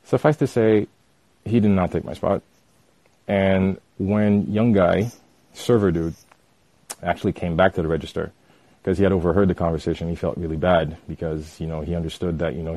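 A man casually telling a personal story with animated retelling and lots of fillers. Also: low voice, brisk, no room sound.

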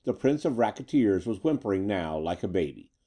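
A man narrating a pulp story in a measured, dramatic reading. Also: lowish voice, sing-song, mellow.

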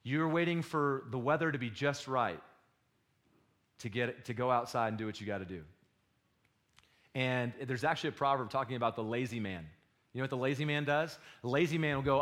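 A man preaching with animated swings, from near-shouted exhortations to hushed, confessional asides. His delivery is lively. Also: medium pitch, a little fast. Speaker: pastor. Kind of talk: sermon.

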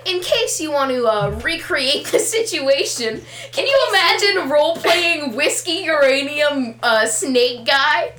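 Young woman podcast co-host, high and lively, jokey casual chat in an echoey room. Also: a little hiss or hum. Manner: giggly, jokey, drawn-out delivery.

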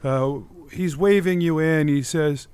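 A man narrating as game master of a tabletop game, pausing often with "uh". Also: a little high, a little mellow, smooth, no room sound. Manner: hesitant, with many "uh" pauses.

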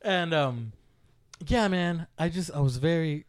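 A young man, a podcast co-host, telling a story in casual chat, swearing and loudly acting out quotes. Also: a little high, measured pace, clear, resonant tone.

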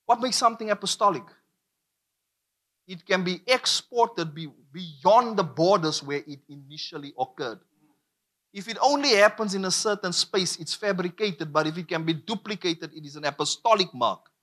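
A man's voice: high-pitched, animated, normal speed, fairly bright tone. A man preaching a sermon, emphatic and repetitive, drawing call-and-response from the congregation.

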